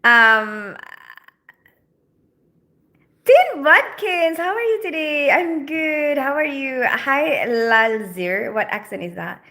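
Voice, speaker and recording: Woman, mixed Filipino-British accent, crisp bright tone, slightly high voice, chatty livestream host, laughs a lot. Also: expressive, slow. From Philippines. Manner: chatty, laughs often, thinks aloud. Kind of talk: casual live chat reading comments. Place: home, lit for camera.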